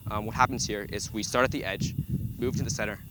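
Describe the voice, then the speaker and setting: Young man explaining drum parts, low voice. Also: fairly even intonation, fast talker. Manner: methodical, step-by-step, with frequent ums. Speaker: center snare drummer. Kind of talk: instructional walkthrough. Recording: loud background noise.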